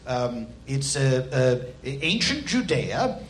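A man's voice: mid-range voice, sing-song, slow, echoey room. A male comedian performing an absurd comic monologue live on stage, slipping into silly character voices. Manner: playful, absurd storytelling with silly put-on voices. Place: live stage in front of an audience.

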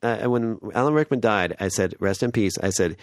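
On a podcast, a male co-host chats casually, rambling and restarting his sentences often. His fairly low voice moves at normal speed, and the recording is dry and studio quality.

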